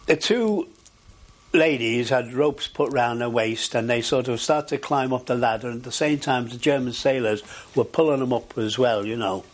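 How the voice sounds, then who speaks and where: Older man, oral history interview, rambling storyteller, lots of pauses and fillers, talks of his days at sea. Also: medium pitch.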